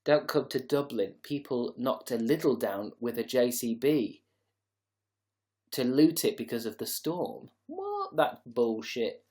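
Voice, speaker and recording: A man's voice: mid-range voice, measured pace, darkish tone. Sweary, sarcastic male livestreamer. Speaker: livestream host. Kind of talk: casual livestream chat.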